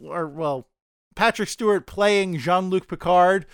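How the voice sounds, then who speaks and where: A man's voice: high voice, takes it slowly, clear, resonant tone, no echo, clean studio sound. A man co-hosting a casual podcast discussion, rambling and often stammering as he restarts his sentences. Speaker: podcast co-host.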